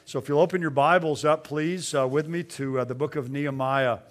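Guy preaching in church, kinda high voice, folksy, lots of uhs. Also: fairly even intonation, a little fast. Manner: folksy storytelling with frequent uh fillers. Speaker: pastor. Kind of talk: sermon.

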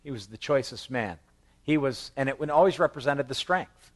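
A man preaching verse by verse through a Bible passage in a relaxed, conversational way, breaking into animated voices for the people he quotes and chuckling at his own asides. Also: mid-range voice, normal speed. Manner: quotes scripture with lively acted voices. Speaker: pastor. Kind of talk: expository Bible teaching.

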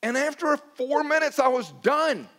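High-voiced storytelling male pastor. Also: lively intonation, moderate pace, a bit bright. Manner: storytelling, acting out his own past dialogue; self-deprecating, conversational. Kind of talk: sermon.

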